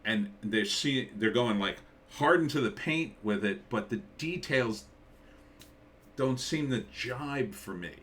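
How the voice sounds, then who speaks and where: A man's voice: medium pitch, lively intonation, takes it slowly, a bit bright, distant mic, slight background noise. A man, a screenwriter, ranting casually about a movie trailer, rambling and incredulous with lots of filler words.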